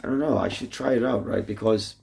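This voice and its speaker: Rambling, profane man with a mellow voice. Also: on the low side, brisk, gravelly. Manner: rambling, profane, full of "like" and restarts. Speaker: vlogger addressing his wife. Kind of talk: rambling casual video message.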